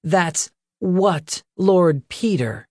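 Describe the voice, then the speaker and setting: A man's voice: high voice, expressive, very slow, a little mellow, dry recording, studio quality, pitched above the performer's own voice, heavily acted. A man voicing a cruel, cocky young male leader of a forest gang in an audiobook, taunting and commanding. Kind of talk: audiobook character voice.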